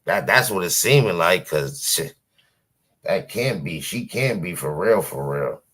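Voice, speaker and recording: A man hosting reaction commentary, mocking the clip and laughing loudly at his own jokes. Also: low voice, expressive, measured pace, breathy edge. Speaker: commentary channel host.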